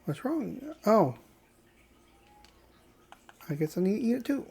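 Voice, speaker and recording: A woman's voice: medium pitch, very animated, slow pace, vocal fry, a little mellow, breathy edge. A woman hosting a casual let's play, chatting playfully and reading game dialogue aloud. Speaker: gaming channel host.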